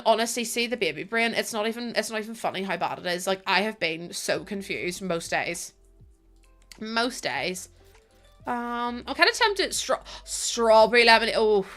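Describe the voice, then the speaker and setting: A woman's voice: fairly high pitch, lively intonation, normal speed, sharp tone, soft background music. A woman streamer chatting casually with her live chat while gaming, bubbly and giggly, rambling from one thought to the next.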